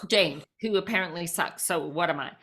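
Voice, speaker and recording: A woman guest on a podcast, telling a personal story with lively energy and lots of "like" fillers. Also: lowish voice, moderate pace. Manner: frequent "like" fillers, lively retelling.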